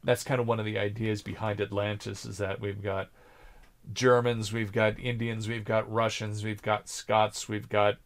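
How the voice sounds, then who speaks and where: A podcast co-host with a fairly low voice and moderate pace chats casually about a TV series. He gets animated when joking and acts out quotes in raised voices.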